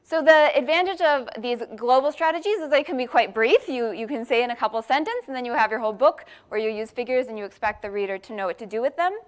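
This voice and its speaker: A woman speaks at a workshop, walking listeners through her argument with steady explanation. Her voice sits a little high and comes across smooth and clear. She often pauses on an "um" and restarts a phrase before carrying on. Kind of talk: academic conference talk.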